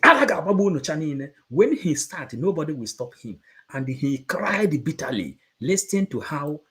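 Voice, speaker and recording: A man's voice: on the high side, sing-song, takes it slowly, a bit bright, slight background noise. A man preaching to supporters, emphatic and repetitive, moving between English and Igbo. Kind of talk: impassioned preaching.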